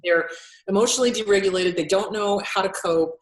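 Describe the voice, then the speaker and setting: A woman's voice: medium pitch, fairly quick, roomy sound. A woman therapist in casual interview talk, blunt and swearing freely, acting out quotes as she explains. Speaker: therapist and author.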